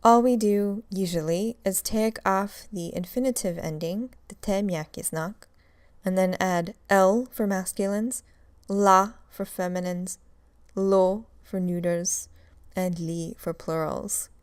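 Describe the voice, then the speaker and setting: A woman's voice: mid-range voice, steady tone, slow, clear, resonant tone, no room sound. A woman teaching a recorded grammar lecture, explaining step by step and drilling examples. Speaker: Russian language teacher.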